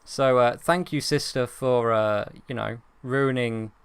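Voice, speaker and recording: A man's voice: mid-range voice, slow, clean tone, no echo. A young man, co-hosting a casual podcast chat, chatty and self-mocking. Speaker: podcast co-host.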